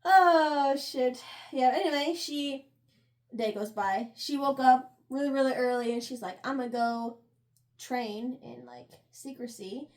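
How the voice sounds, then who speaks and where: A young woman with a high, bright-sitting voice chats casually through a book recap. She's slangy and quick to laugh, and she slips into short character impressions as she goes. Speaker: book review podcast co-host. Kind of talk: casual chat recapping a novel.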